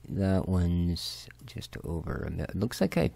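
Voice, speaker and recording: Casting note: middle-aged Canadian man with a Canadian accent, a lower voice with a gravelly edge, unhurried let's-play chatter. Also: animated, dry recording. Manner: slow, chatty and self-joking, drifting to soft mutters. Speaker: gaming video host. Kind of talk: casual let's-play commentary.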